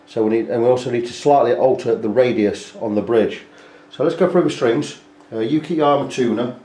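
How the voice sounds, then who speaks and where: A man talks through a guitar repair, explaining each step casually as he works. His voice sits at an ordinary middle pitch, picked up by the camera mic in an echoey workshop room. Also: fairly quick, dark tone. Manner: chatty, explains step by step, talks while working. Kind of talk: hands-on repair walkthrough.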